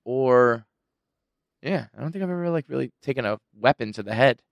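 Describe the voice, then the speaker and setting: A man's voice: mid-range voice, animated, fairly quick, gravelly, no echo. A young man telling a rambling story in casual podcast chat, swearing and laughing as he goes. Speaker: podcast co-host.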